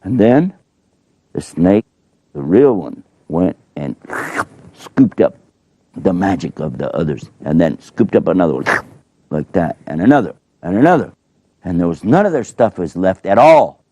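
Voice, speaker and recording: A man with a deep, gravelly voice telling a children's story in a playful, folksy way. His pitch swings widely as he acts things out, and the sound is dry and close. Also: animated, a little slow, long pauses, dark tone, no room sound, lo-fi sound.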